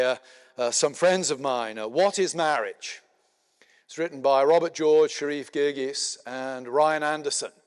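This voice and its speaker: A middle-aged man giving a conference lecture in a measured, explanatory way, with frequent filler words and dry asides. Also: a little high. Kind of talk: spoken lecture. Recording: long hall reverb.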